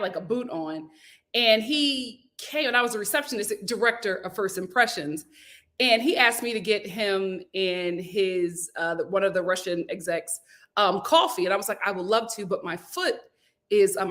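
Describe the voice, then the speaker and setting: A woman's voice: medium pitch, pushed and bright. A woman hosting a casual live stream, reading viewer comments aloud and telling a story in a chatty way. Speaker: YouTube host.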